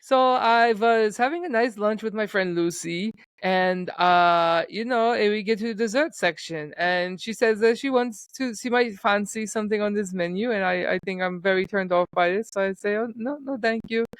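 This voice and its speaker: A man doing a fussy foreign-accented guy, high and indignant. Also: expressive, no echo, studio quality. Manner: indignant, high-pitched, slow emphatic delivery. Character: fussy man from a social media clip with a thick foreign accent.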